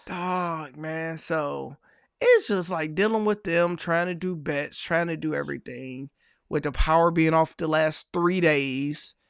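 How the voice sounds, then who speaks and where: A man's voice: fairly high pitch, measured pace, creaky, fairly bright tone, smooth, no echo, clean studio sound. Man host telling a rambling story. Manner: rambling, storytelling with run-on asides. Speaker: sports podcast host. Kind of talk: casual chat.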